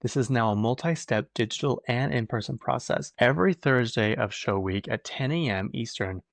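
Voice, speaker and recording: A man's voice: medium pitch, moderate pace, gravelly, no room sound. A man hosting his own podcast, chatting casually and gossipily, laughing often and restarting his sentences. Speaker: podcast host. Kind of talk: casual solo podcast chat.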